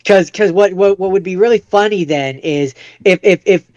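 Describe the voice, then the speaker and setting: A man co-hosts a casual podcast with a smooth, fairly high voice. He speculates aloud, repeating words as he works through ideas, recorded on a dry mic. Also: moderate pace, a little mellow, no room sound, highs cut off. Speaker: podcast co-host. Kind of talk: casual chat.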